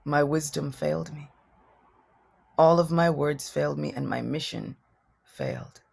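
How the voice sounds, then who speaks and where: Brief: a woman doing a sorrowful male royal advisor, eloquent but humbled, with a husky voice. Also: deep voice, measured pace, darkish tone, heavily acted. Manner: earnest, sorrowful storytelling.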